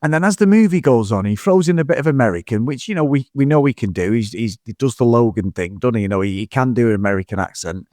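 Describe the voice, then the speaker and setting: A man co-hosting a film podcast, rambling and animated in casual chat, swearing freely. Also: mid-range voice, quick pace, few pauses, dry recording, clean studio sound. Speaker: podcast co-host.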